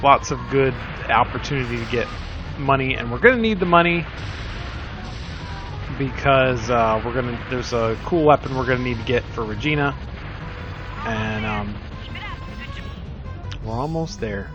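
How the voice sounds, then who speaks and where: With an expressive, medium-pitched voice, an older man talks at a measured pace and pauses often while hosting a let's play. His casual commentary rambles, pokes fun at himself, and is full of fillers. Faint music plays in the slightly dull, lo-fi recording.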